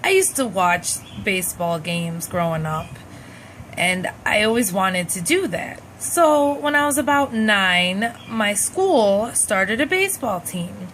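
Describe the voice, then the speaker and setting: A young adult woman telling a personal childhood story in a lively, animated way, acting out the dialogue as she goes. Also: mid-range voice, slow, slight background noise, rough recording.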